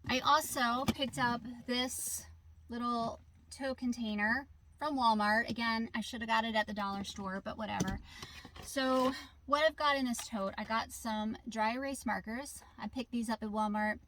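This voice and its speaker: A woman's voice: fairly high pitch, steady tone, normal speed, background noise. A woman filming a casual show-and-tell vlog inside her car, talking in a chatty, conversational way. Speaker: vlogger. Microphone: camera in the car.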